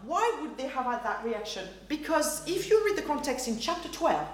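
Lively woman preaching in an echoey hall. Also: sits high, moderate pace, slight background noise. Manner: lively, animated, acts out quoted reactions, laughs often. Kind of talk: sermon. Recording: roomy hall echo, faint ambience.

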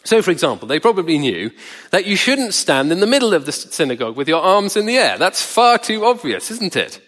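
A man preaching a sermon in a measured, wry, conversational way, slowing down to stress words. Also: sits high, very animated, a bit bright. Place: church hall. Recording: long reverb of a church hall.

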